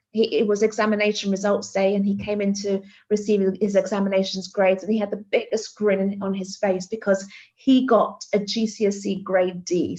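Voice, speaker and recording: A woman's voice: medium pitch, a little mellow, lo-fi sound. A woman giving a conference keynote as an art teacher, telling a classroom story with many fillers and restarts. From Greece.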